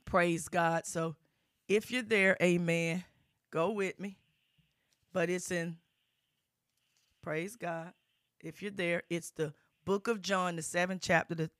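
Bright, crisp-voiced fervent preacher. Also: medium pitch, dry recording, studio quality. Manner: peppers speech with amen and praise God; builds to loud, fervent preaching with shouts. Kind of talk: sermon.

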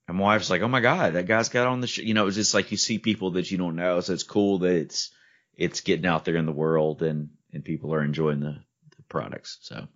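A man's voice: deep voice, level tone, a little fast. A man hosting a podcast in casual chat, upbeat and often tripping over his words. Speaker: podcast host. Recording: dull lo-fi podcast audio.

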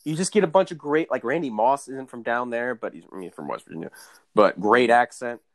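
A man's voice: mid-range voice, lively intonation, brisk, no room sound. A young man co-hosting a podcast, rambling and joking in casual chat. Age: young adult. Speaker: podcast co-host.

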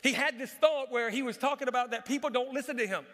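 A man preaching a sermon to a church congregation, animated, repeating his key phrases for emphasis. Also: very high voice, quick pace. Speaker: pastor. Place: church sanctuary. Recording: live church recording with long hall reverb.

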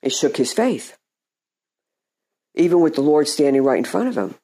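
A man preaching an informal sermon in a halting, conversational way, often repeating words and restarting phrases. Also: fairly high pitch, big pitch swings, mellow.

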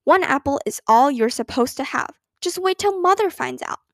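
A woman's voice: sits high, animated, normal speed, dry recording, studio quality, pitched above the performer's own voice. A woman voicing a bossy, exasperated schoolgirl big sister who scolds indignantly. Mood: scolding.

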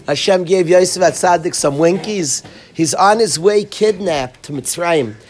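Animated, sarcastic male Torah teacher. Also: sits high, slow pace, slight background noise. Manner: animated, sarcastic, calls on students by name. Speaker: teacher of a boys' Torah class. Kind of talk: classroom Torah lesson.

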